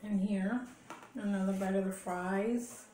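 A woman's voice: medium pitch, steady tone, a little slow, mellow, a little hiss or hum. A woman telling stories casually while she eats for a mukbang video, with frequent laughs. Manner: chatty storytelling with laughs and chewing sounds. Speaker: mukbang vlogger. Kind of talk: casual chat while eating. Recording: echoey room.

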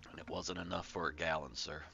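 A man's voice: low-pitched, steady tone, fairly quick, vocal fry, muffled recording, noisy background. A man casually commentating his card game with joking, rambling asides. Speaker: gameplay commentator. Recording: game music playing behind.

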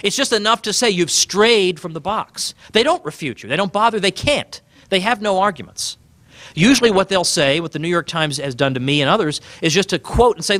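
Animated, sardonic man giving a speech. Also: sits high, a little fast, no echo. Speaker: author giving a talk. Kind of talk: public speech.

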